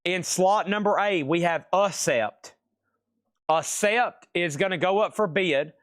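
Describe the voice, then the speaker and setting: A man's voice: high voice, unhurried, fairly bright tone, no room sound, clean studio sound. A man hosting a live record sale stream, calling out lots and start prices, rambling and joking between auctions. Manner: rambling, joking, self-deprecating. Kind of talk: livestream auction chatter.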